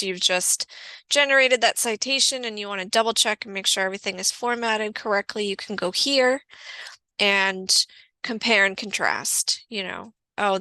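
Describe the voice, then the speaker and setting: Chatty woman librarian, bright and gravelly. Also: mid-range voice, no echo. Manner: casual and chatty, many fillers. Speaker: college librarian. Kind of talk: online orientation presentation. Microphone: video call.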